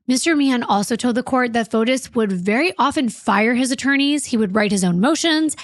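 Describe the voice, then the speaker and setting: A woman's voice: fairly high pitch, no echo, studio quality. A woman co-hosting a true crime podcast, narrating case details and reacting with indignation. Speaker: podcast co-host.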